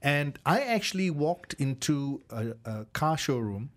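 On a radio car show, a regular male co-presenter chats casually from the studio, rambling through his opinions with plenty of "you know" fillers. His voice sits fairly high, swings widely in pitch, and moves at an unhurried pace.

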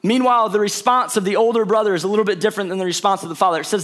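A young adult man preaching a sermon, telling a story with animated asides and acting out the characters' lines. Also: high-pitched, very fast, hardly any pauses. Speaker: pastor.

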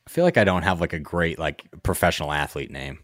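A young man with a lowish voice, co-hosting a casual podcast. He sounds wry and laid-back, with a lively pitch. The sound is dry and close. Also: quick pace, no echo. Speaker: podcast co-host. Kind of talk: casual chat.

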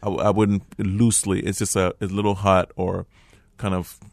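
An earnest man with an American accent tells his story in a deep, gravelly voice. He speaks close to the mic in a dry, dead room, and goes quiet and hushed when the story turns tense. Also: little pitch movement, normal speed, dry recording. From Liberia. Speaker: guest. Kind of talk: storytelling conversation.

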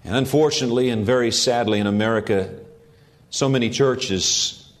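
Middle-aged man, pastor, earnest sermon delivery, mid-pitched. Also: normal speed. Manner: earnest preaching with rising emphasis on key phrases.

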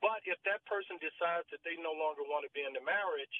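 A man appearing as a guest on a radio show, measured and instructive as he explains. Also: fairly high pitch. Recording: distant tinny phone line with faint noise.

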